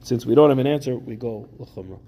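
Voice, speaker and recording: Gravelly, mellow man teaching Talmud. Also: medium pitch, a little fast, a little hiss or hum. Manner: reads Aramaic text then explains it in casual English with everyday examples. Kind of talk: Talmud class lecture. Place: classroom with students.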